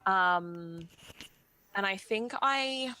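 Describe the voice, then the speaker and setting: Here a woman at a tabletop role-play, speaking in character and out, mulls things over aloud with frequent hesitations and fillers. She has a medium pitch, a sharp tone, and tends to draw out her words.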